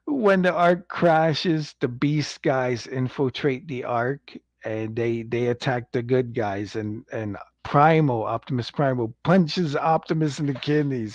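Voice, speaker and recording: A man's voice: mid-range voice, no room sound. A man hosting a casual livestream review. He rambles, chuckles often and acts out quotes. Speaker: show host reviewing an animated series. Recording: dull lo-fi, dry sound.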